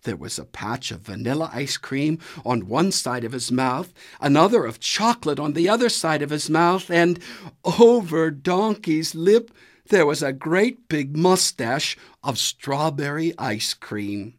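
A man reading a children's story aloud in an expressive storytelling manner. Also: on the high side, a little slow. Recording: soft music underneath. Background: faint music.

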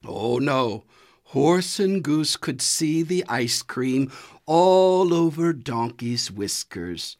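A man reading a children's story aloud in an expressive storytelling manner. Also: on the high side, extremely slow. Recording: soft music underneath. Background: faint music.

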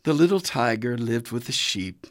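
A storyteller reading a children's animal fable in an animated, expressive way, with dramatic pauses. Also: mid-range voice.

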